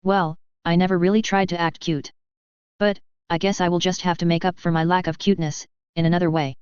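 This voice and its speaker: A woman voicing a calm, sly young female samurai in a story reading, smooth and low, on dull lo-fi audio. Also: brisk, no echo, lightly acted. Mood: teasing.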